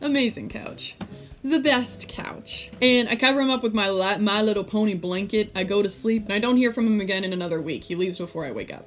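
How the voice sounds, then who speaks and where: A young American woman telling a casual storytime vlog, jokey and animated, acting out her friends in quotes. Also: mid-range voice. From United States. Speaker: vlogger.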